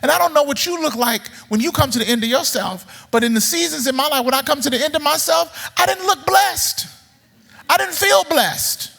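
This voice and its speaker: A man preaching a sermon in a church, animated, repeating words as he builds up and throwing questions at the audience. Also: very high-pitched, moderate pace, vocal fry, in a large hall. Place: church sanctuary.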